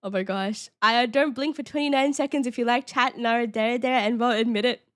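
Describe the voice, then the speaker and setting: A woman's voice: a little high, fairly even intonation, a little fast, a bit bright. A young woman streaming live, chatting playfully with her viewers and laughing often. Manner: giggly, playful, chatty with chat. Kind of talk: casual live-stream chat.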